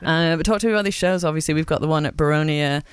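Upbeat guy hosting a radio chat, clear voice, a bit high. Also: very fast. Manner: enthusiastic, chatty. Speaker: radio show host. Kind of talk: casual interview.

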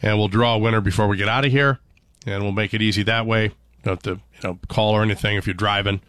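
A man's voice: on the low side, steady tone, fast talker, fairly bright tone, clear, resonant tone, no room sound. A man hosting a morning radio show in a studio, chatting casually and rambling with lots of fillers and restarts.

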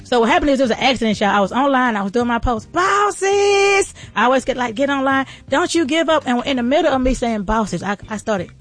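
A woman's voice: fairly high pitch, racing, hardly any pauses, faint music behind. A woman hosting a motivational, faith-based talk show, speaking in a casual, folksy, preacher-like way. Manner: fervent, preacher-like encouragement. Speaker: podcast host and entrepreneur.

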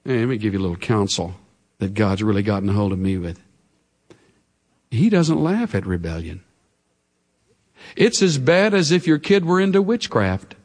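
A man preaching a sermon in an emphatic, exhorting way that swings between loud urging and hushed gravity. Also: mid-range voice. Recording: long hall reverb.

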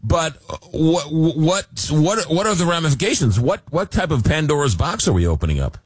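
A man's voice: a little high, very animated, moderate pace, slightly rough, no room sound. A man hosting a talk radio show, chatty and jokey, often repeating words as he goes.

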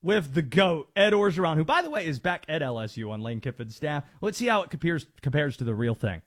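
A man's voice: on the high side, very animated, a little fast. A man hosting a sports talk radio show, ranting in an emphatic, mocking way.

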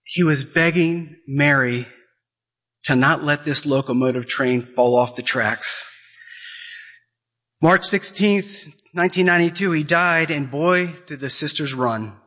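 Impassioned man preaching, bright tone. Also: fairly high pitch, measured pace. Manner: emphatic, repeats questions, rising intensity. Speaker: Catholic speaker.

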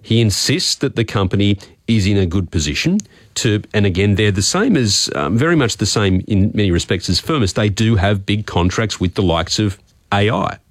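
A man's voice: lowish voice, animated, moderate pace, no echo, studio quality. A man with an Australian accent giving a radio finance update, informative with occasional restarts. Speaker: finance reporter.

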